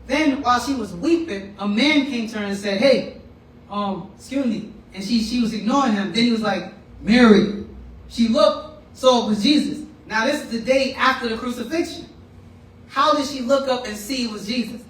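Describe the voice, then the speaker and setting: A man's voice: very high-pitched, brisk, a bit bright. A man teaching a class in a casual, conversational way, often checking in with his listeners. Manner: conversational, often checks in with "right?" and "you know what I'm saying?". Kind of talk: informal lecture. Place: room with a class. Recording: roomy and distant with faint noise.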